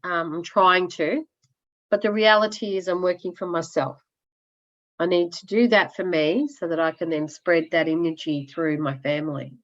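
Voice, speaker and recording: A fairly low-voiced woman shares her progress on a casual group coaching call, loud, candid and animated, with blunt asides. Her voice comes through muffled and lo-fi, as over a web call. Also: normal speed. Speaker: coaching client sharing progress.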